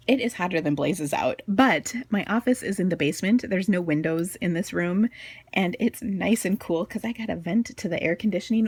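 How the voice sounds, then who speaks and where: A woman's voice: on the low side, gravelly, slightly rough, no echo. A chatty woman in her forties with a Minnesotan accent, hosting a crafting tutorial from her basement home office in a bubbly, gushing way. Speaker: crafting video host.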